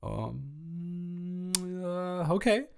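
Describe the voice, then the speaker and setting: A man's voice: high-pitched, animated, drawn-out words, vocal fry, clear, resonant tone. A young man improvising an audio role-play, talking in a flustered, rambling way with many stammering restarts.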